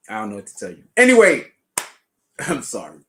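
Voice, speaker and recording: A man hosts a livestream commentary show, reading out the chat and answering it. His voice swings widely up and down in pitch as he leans hard on his points. He sounds incredulous and emphatic, and laughs between remarks. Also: fairly bright tone. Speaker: show host.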